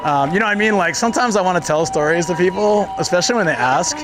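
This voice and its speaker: A man with a high-sitting voice talks quickly as he livestreams while walking city streets, with music, traffic, and urban ambience around him. It's casual walking chat, told as rambling stories full of fillers.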